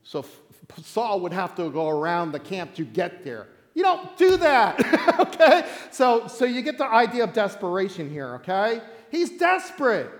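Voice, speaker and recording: A man preaching as a pastor, telling a Bible story like a campfire tale, animated and joking, acting out voices and laughing often. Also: sits high, moderate pace, hardly any pauses, in a large hall. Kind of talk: sermon told as a playful campfire story.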